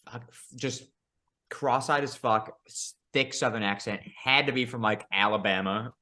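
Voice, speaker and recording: A man's voice: mid-range voice, a little slow, bright, forceful tone. A man co-hosting a podcast, telling stories in casual chat with lots of swearing and laughter. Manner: profane, laughing storyteller. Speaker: podcast co-host.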